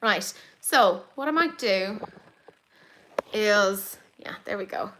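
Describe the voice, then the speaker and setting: A woman's voice: mid-range voice, lively intonation, slow, fairly bright tone, a little hiss or hum. An Irish woman hosting a casual live makeup chat from home, rambling into self-deprecating asides. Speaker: beauty YouTuber host.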